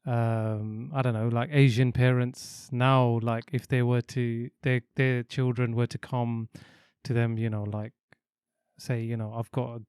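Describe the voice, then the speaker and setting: A man's voice: medium pitch, flat delivery, unhurried, darkish tone, clear, resonant tone, no room sound, studio quality. A man hosting a casual interview podcast, asking rambling questions with many fillers. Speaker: podcast host.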